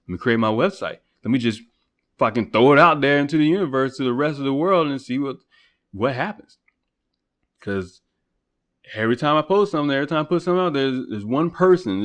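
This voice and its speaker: A man hosting a solo podcast, rambling and swearing casually as he rants. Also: medium pitch. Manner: rambling, profane, ranting, voice rising when heated. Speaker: podcast host. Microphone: computer recording setup.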